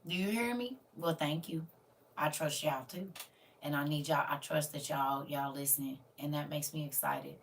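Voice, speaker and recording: A woman's voice: low voice, normal speed, vocal fry, far from the mic, slight background noise. A woman, hosting a casual livestream and talking earnestly to her viewers as family. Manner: earnest, preachy, addresses listeners as family. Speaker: livestream host.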